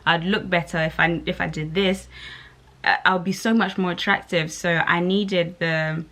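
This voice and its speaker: A woman's voice: fairly low pitch, steady tone, moderate pace, bright, forceful tone. A young woman, talking candidly to camera in a casual, rambling way, full of "like". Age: young adult. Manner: candid, rambling, lots of "like" fillers. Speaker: vlogger.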